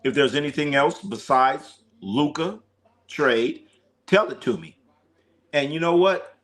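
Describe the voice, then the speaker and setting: A man hosting a casual sports livestream, talking in an animated, profane way and sometimes mimicking whiny crying voices. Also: fairly high pitch, measured pace.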